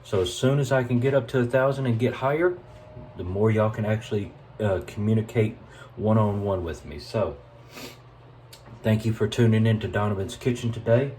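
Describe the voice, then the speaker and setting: Speaking at normal speed in a lowish, darkish voice, a man with a Southern US accent hosts a laid-back cooking vlog from his home kitchen. He addresses viewers folksily as y'all, with slight background noise.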